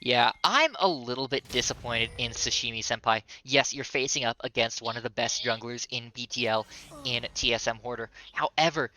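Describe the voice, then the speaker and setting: A man's voice: mid-range voice, moderate pace, sharp tone, slight background noise. A man giving emphatic, analytical color commentary on an esports match.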